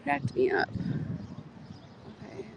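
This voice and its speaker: A woman chatting casually on a livestream outdoors, rambling, laughing and swearing as she talks. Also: slow. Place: outdoors in a community garden. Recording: faint outdoor noise.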